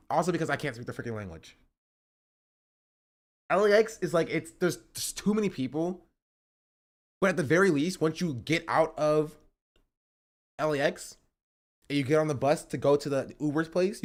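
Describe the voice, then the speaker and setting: A man streaming, telling a travel story in rambling casual chat and checking in with "right?" as he goes. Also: on the high side. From United States. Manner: rambling, keeps asking "right?" and "you know?".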